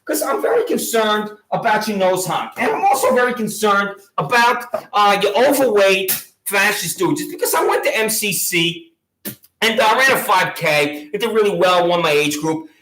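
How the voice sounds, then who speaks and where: Speaking at normal speed in an expressive, medium-pitched, slightly bright voice, a Long Island vlogger rants sarcastically at the camera. She taunts and repeats her digs in her New York accent, recorded in an echoey room.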